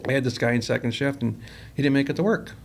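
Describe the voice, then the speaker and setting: A man's voice: medium pitch, quick pace, creaky. A man, a company president, telling workplace stories in a rambling, casual interview style and acting out the quoted dialogue. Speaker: company president, podcast guest.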